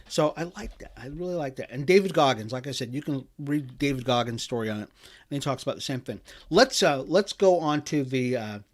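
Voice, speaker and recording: A man's voice: medium pitch, lively intonation, fairly quick. A middle-aged man hosting a podcast, delivering an emphatic motivational talk with frequent restarts and fillers. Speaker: podcast host.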